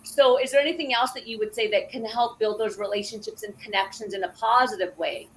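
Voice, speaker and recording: Woman interviewer, kinda high voice, casual question, faint background. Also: a little fast, a little hiss or hum, rough recording. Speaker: interview host.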